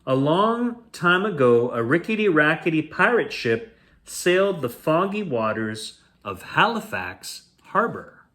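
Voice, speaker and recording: A man's voice: on the high side, sing-song, unhurried, a bit bright. A Canadian man hosting a bedtime story reading, chatty with playful asides. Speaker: storyteller host.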